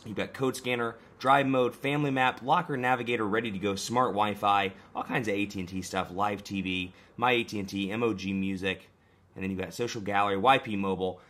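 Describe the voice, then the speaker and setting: A man, hoarse and coming down with a cold, walking through a phone unboxing in a brisk, casual way. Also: lowish voice, a bit bright. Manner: brisk, conversational, pointing out features. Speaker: tech reviewer. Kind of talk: casual product unboxing walkthrough.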